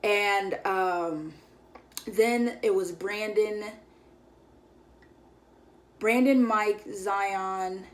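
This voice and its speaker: A young woman recounts her day as a vlogger in a loose, chatty storytelling style, leaning on filler words and playing out what her friends said. Her voice sits at an ordinary middle pitch for a woman. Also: very slow, long pauses. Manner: chatty, filler-heavy, acts out quoted friends. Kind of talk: casual storytelling.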